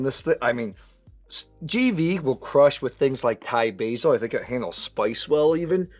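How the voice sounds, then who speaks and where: A man with a weakened voice from recent voice loss, presenting a wine tasting in an enthusiastic, conversational way. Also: mid-range voice. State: weak voice from lost voice. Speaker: wine educator.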